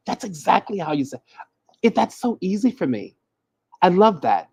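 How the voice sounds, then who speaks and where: A man hosting a casual livestream, playful and animated, teasing himself as he stumbles over hard words and restarts often. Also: mid-range voice, normal speed, creaky, husky. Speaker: host giving hoodoo readings and advice. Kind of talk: casual livestream chat, reading from the chat.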